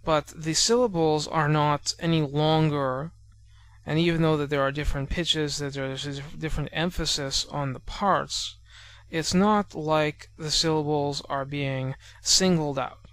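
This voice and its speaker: A man teaches a beginners' language lesson in a measured, explanatory way. His voice sits a little higher than most men's. He drops into a slow, deliberate pace whenever he sounds out an example word. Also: steady tone, a bit bright. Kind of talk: explanatory lesson narration over slides.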